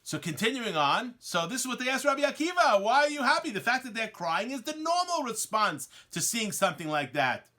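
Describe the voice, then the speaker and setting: A man's voice: sits high, fairly quick, hardly any pauses. A man teaching a Talmud lesson, reading Hebrew and Aramaic lines and translating them, acting out the dialogue with animation. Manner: animated, acts out the quoted dialogue; reads Hebrew and Aramaic text then translates it. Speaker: Torah teacher.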